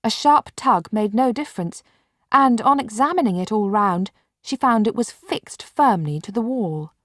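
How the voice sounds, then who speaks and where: A woman narrating an audiobook in a measured, clear storytelling manner. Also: on the high side, animated, a bit bright, no echo, studio quality. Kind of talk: scripted narration.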